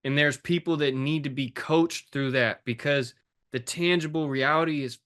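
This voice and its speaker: A man's voice: on the high side, steady tone, moderate pace, fairly bright tone. A man, a fitness and life coach as a guest, talking emotionally and intensely in an interview, swearing now and then. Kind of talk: impassioned interview talk.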